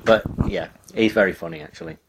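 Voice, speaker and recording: A man's voice: low-pitched, fast, background noise. A man from England in casual podcast chat, telling stories with dry asides.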